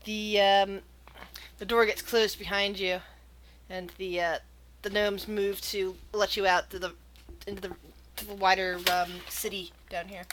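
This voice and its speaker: A woman's voice: mid-range voice, flat delivery, a little slow, a bit bright, slight background noise. A woman narrating a tabletop game as dungeon master, with frequent fillers and laughs. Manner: laughs often, hesitant fillers.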